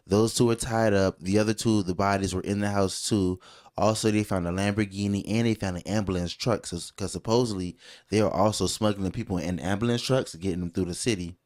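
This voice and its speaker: Low-voiced man, casual podcast co-host. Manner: loose, animated storytelling with jokey put-on voices.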